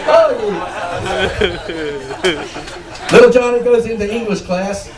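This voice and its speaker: A man's voice: sits high, animated, slow, a crowd in the background. A man telling dirty jokes to a small group, laughing at them himself and quizzing his listeners. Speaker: joke teller. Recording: roomy, far from the mic, faint ambience.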